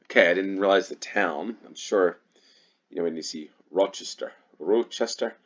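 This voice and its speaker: A man's voice: deep voice, steady tone, moderate pace, fairly bright tone, lo-fi sound. A man from New York with a Western New York accent, thinking aloud while playing a geography guessing game, hesitant and full of ums. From New York, USA. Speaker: GeoGuessr channel host. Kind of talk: casual gameplay commentary.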